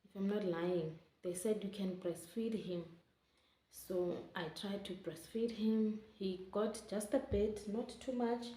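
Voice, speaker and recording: A woman's voice: medium pitch, fairly even intonation, measured pace, mellow. Young woman vlogger, chatty and emotional, mid-range voice in an echoey room. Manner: chatty, keeps addressing viewers as guys, emotional. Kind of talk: casual storytelling to camera. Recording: roomy echo.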